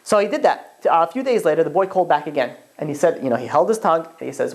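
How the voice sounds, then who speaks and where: Fast-talking rabbi teaching a class. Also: male voice, fairly high pitch. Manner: animated, chatty, many fillers and restarts, acts out quotes. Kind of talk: casual classroom lesson with storytelling.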